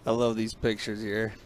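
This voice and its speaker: A man hosting a fishing store's livestream in casual live commentary, upbeat with quick bursts of excitement, with a frog in his throat. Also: medium pitch, a little hiss or hum.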